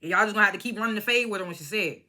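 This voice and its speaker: A woman's voice: medium pitch, very fast, pushed and bright. Blunt, cursing young woman reviewing reality TV. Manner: blunt, profane and opinionated, mimics cast members. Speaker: reality TV recap vlogger. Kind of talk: casual reality show review.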